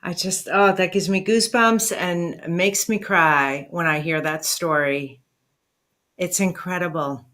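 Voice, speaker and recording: A woman hosting a talk show, speaking with emotion and warm affirmation to her guest. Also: lowish voice, fairly even intonation, unhurried. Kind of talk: interview conversation.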